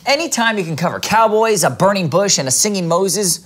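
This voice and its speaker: A man co-hosting a children's church show, talking in a lively, earnest way. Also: high-pitched, a little fast. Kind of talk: kids' show banter and lesson talk.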